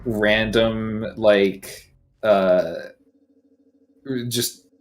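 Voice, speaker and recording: A man's voice: on the low side, fairly even intonation, very slow, a little hiss or hum. A man co-hosting a game stream in casual chat, rambling with many fillers and reading chat aloud. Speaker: streamer, co-host.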